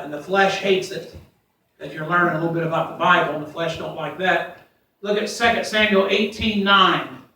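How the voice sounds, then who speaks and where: High, bright-voiced preacher in a church. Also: male voice. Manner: reads scripture aloud, rising loud on quoted cries, then drops to quiet asides. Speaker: pastor. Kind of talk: sermon. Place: church sanctuary. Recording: echoey church from far off.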